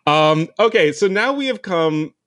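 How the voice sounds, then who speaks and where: A man's voice: fairly high pitch, animated, measured pace, fairly bright tone, no echo, clean studio sound. A man hosting a casual podcast who teases his guest and laughs often. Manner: playful, laughs often, teasing. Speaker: podcast host.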